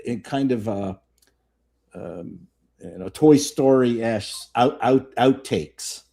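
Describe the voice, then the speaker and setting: A man's voice: mid-range voice, slow, creaky, dark tone. A man around seventy, an actor guest on a live chat, telling rambling self-mocking anecdotes. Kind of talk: casual chat.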